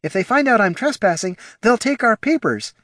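A man voicing a poor, proud female gnoll mother who speaks softly and pleads, in a storybook reading. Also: sits high, expressive, moderate pace, no echo, clean studio sound, pitched above the performer's own voice. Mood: pleading.

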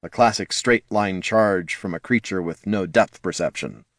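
A man narrating a fantasy audiobook in a measured storytelling manner. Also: deep voice, fairly bright tone, dry recording, clean studio sound. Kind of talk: scripted narration.

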